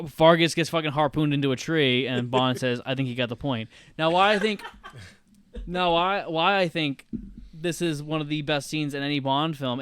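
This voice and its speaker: A man co-hosting a casual film podcast, excitedly retelling a scene blow by blow and swearing freely. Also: a little high, smooth. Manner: excitable, profane play-by-play retelling. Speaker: podcast co-host.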